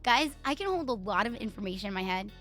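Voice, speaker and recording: A woman's voice: medium pitch, expressive, fast talker, fairly bright tone, soft background music. A woman with a Puerto Rican accent chatting casually on a live stream, playful, profane and teasing herself and her viewers.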